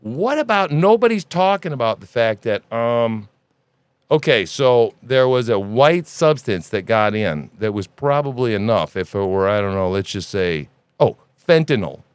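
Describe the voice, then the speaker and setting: Animated sarcastic male podcast host. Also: mid-range voice, a little slow, clear, resonant tone, no echo. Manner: animated, sarcastic, profane rant. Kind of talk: conservative news commentary.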